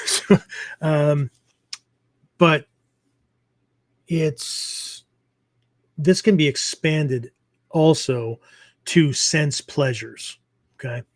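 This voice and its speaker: A man with a slightly high voice hosts a martial arts podcast, explaining ideas in casual teaching talk that rambles loosely, full of fillers and frequent "okay?" check-ins. There's no echo on the recording.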